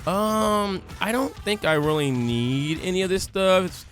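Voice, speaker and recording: A lively man with a fairly high voice and a drawl tells the story of his game like a joking storyteller. He acts out crowd chants and other voices as he goes. Faint music plays underneath. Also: unhurried, hardly any pauses. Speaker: gaming YouTuber. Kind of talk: casual let's-play commentary.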